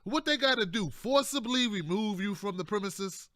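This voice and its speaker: Guy doing a casual political rant, high bright voice, keeps saying man, dry close sound. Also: expressive, moderate pace, dry recording. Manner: loose and conversational, keeps adding "man" and "y'all", jokey asides. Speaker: political commentator, show host.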